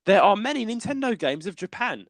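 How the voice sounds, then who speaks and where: A young British man co-hosting a podcast in casual chat, giggly and animated, often stumbling over restarts. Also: high voice, a little fast, dry recording. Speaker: podcast co-host.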